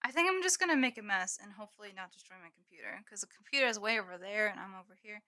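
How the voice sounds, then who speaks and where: A woman's voice: medium pitch, expressive, rapid-fire, bright, forceful tone. A woman chatting casually on a live stream from her room at home, giggling and swearing now and then while she snacks. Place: home room with green screen.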